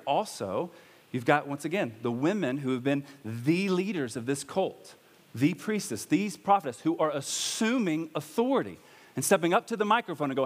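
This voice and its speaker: This pastor's sermon, recorded with the long reverb of a church hall, is conversational but punctuated by raised, emphatic bursts. His voice is a little high, with lively intonation and a moderate pace.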